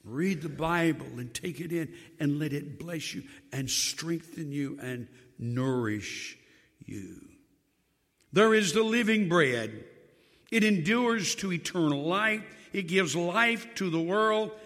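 Older man preaching, gravelly and lively. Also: slow pace, long reverb tail. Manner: swings from loud emphatic lines to low quiet drops, joking asides. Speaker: pastor. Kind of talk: sermon.

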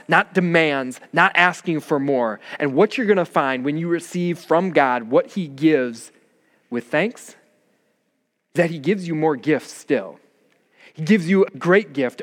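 A man's voice: fairly high pitch, long reverb tail. A man preaching a sermon as pastor, earnest and rising in emphasis.

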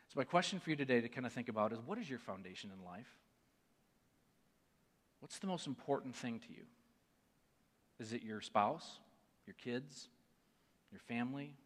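A man in his forties giving an earnest sermon testimony, moving between hushed and emphatic delivery. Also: mid-range voice. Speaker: church speaker sharing a testimony. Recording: long reverb of a large hall.

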